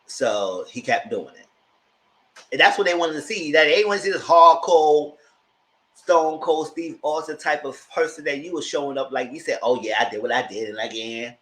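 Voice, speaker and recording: A man giving a casual recap, switching to high-pitched exclamations when he acts out reactions. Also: a bit bright, poor audio. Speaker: YouTube reviewer.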